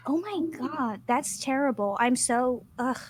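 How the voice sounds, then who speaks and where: Woman doing a ditzy vain blonde player character, airy and whiny, lively pitch. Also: measured pace.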